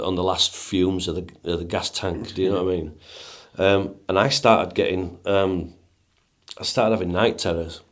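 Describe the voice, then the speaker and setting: A middle-aged man with a Northern English accent speaks in a very low, deep voice. He tells a personal story as a podcast guest, casual and earnest. He often repeats and restarts his words as he goes. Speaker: guest, musician and DJ.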